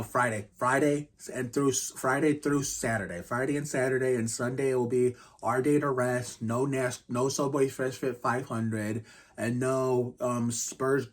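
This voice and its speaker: Rambling man talking quietly, flat tone. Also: medium pitch. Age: 30s. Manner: rambling, restarts often, casual swearing; speaks quietly to keep the noise down. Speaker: channel host reviewing basketball games. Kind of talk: casual game review vlog.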